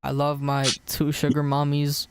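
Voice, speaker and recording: A man's voice: fairly high pitch, monotone, a little slow, heavy background noise. A young man hosting a casual podcast, chatty and loose, swearing and trailing off with ums. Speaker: podcast host.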